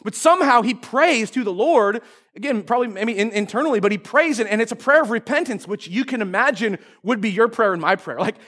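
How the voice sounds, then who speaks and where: Man, pastor, sermon to a congregation, very high voice, lively storytelling. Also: fairly quick. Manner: lively storytelling, acting out quoted characters. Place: church service before a congregation.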